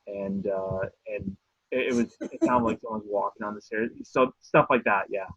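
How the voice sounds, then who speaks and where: Casting: low, husky young man, hesitant storyteller, dry tinny call audio. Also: normal speed, fairly bright tone, dry recording. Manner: hesitant, many ums and restarts. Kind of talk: casual storytelling on video call. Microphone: video call.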